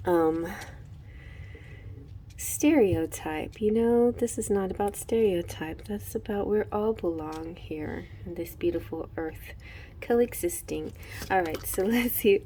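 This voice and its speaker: A woman's voice: lowish voice, takes it slowly, pauses often, warm tone, slight background noise. A woman giving a casual tarot reading, gushing and emotional, laughing often and trailing off into fillers and restarts. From Houston, Texas. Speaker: tarot reader.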